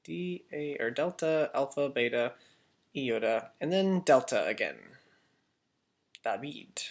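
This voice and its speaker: A man's voice: medium pitch, animated, a little slow. A man teaching a casual lesson for children, chatty and correcting himself as he goes. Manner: chatty, self-correcting, asks kids to repeat.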